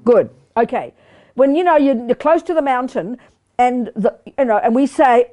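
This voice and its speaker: An older woman giving a lively Buddhist teaching to a live group, quizzing her listeners and talking bluntly and playfully. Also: high-pitched, fairly quick. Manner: animated, questioning the audience, blunt and playful. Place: meditation study group hall.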